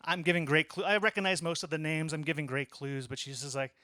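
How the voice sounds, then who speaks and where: Bright-voiced man doing stand-up. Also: a little high, quick pace, hardly any pauses, no room sound, clean studio sound. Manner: conversational storytelling, deadpan asides. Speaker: stand-up comedian. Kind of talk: stand-up set. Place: small comedy club.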